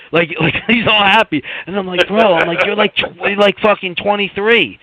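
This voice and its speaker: A man's voice: sits high, fairly quick, few pauses, dry recording, rough recording. A man co-hosting a podcast, telling a story in casual chat, swearing often and mimicking the people in it. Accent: New York. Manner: animated, swearing, mimics a coworker. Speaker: podcast co-host.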